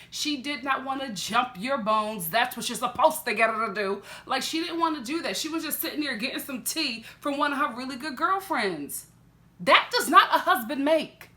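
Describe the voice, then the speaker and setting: A chatty woman vlogger picks apart a reality TV episode in a sassy, animated way. Her voice is bright and forward. She speaks into a camera mic at desk distance. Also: a little high. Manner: sassy, chatty, quick to laugh. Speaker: TV reaction vlogger. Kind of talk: casual reality-TV review.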